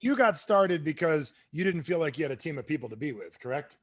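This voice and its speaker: Animated motivational speaker man. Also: fairly high pitch, fairly quick. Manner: animated, asks the audience questions. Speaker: speaker at an online training call. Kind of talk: motivational business talk.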